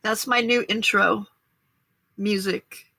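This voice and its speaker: A woman's voice: mid-range voice, fairly even intonation, slow pace, vocal fry, background noise. An older woman hosting a casual late-night crafting livestream, chatting to viewers and getting emotional over their kindness. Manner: chatty, emotional, reacting to chat. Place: small home craft room.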